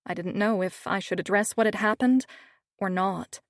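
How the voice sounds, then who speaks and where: A woman narrating a first-person audiobook with steady, measured storytelling. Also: mid-range voice, no room sound, studio quality.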